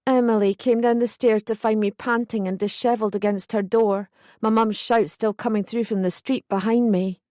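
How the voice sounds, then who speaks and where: A woman narrates a first-person audiobook in a steady, measured voice. Her voice sits fairly high, and she reads close to the mic. The recording is dry, with no room echo.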